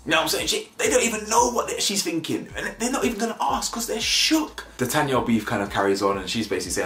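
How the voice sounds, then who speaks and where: A young man, recapping a reality show episode in casual, animated, slang-heavy banter with mocking impressions. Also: mid-range voice, fast, hardly any pauses, reverberant.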